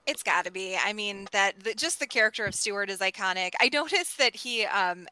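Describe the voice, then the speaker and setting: A woman's voice: medium pitch, expressive, brisk, pushed and bright, dry recording, rough recording. A woman co-hosting a casual movie podcast, enthusiastic and laughing often as she talks. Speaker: podcast co-host.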